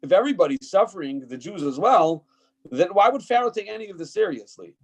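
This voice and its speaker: A man's voice: high-pitched, big pitch swings, a little fast, husky, rough recording. A man teaching a Torah text class as a rabbi, reading passages aloud and explaining them emphatically with frequent fillers and restarts. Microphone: checks if listeners can hear him.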